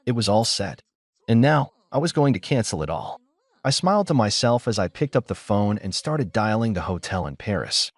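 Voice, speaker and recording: Man, scripted story narration, lowish voice, animated pitch, dry close sound. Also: moderate pace, dry recording.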